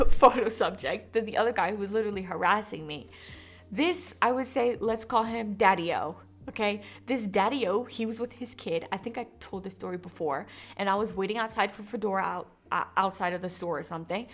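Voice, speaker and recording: A woman telling a casual story-time vlog, speaking in an animated, candid way. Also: mid-range voice. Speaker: vlogger.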